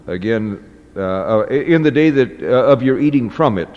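A man teaching a class, reading a text aloud and explaining it slowly, with many fillers and restarts. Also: mid-range voice, expressive. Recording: dull audio with long hall reverb.

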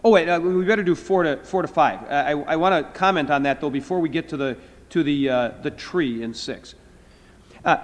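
A middle-aged man teaching a Greek class, explaining slowly and drawing out words. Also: a little high. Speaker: Greek professor. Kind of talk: classroom lecture. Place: lecture hall. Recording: hall reverb.

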